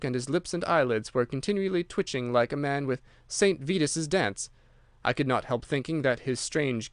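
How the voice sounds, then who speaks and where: A man narrating a short story as an audiobook in a steady, measured way. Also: mid-range voice, clean tone, dry recording, clean studio sound. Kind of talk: scripted narration.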